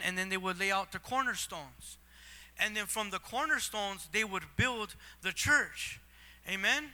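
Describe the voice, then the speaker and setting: A male pastor preaching a sermon, often asking "Amen?" and building to loud, fervent passages. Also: high-pitched.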